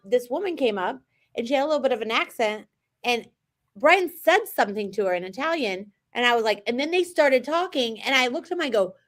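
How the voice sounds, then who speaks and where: A woman co-hosting a casual chat show, teasing and animated when telling stories. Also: on the high side. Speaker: co-host.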